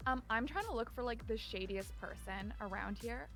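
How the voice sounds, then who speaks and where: A woman playing in a tabletop game, chatting in an animated, giggly way. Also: fairly high pitch, moderate pace, faint music behind. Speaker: player. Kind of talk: casual tabletop play.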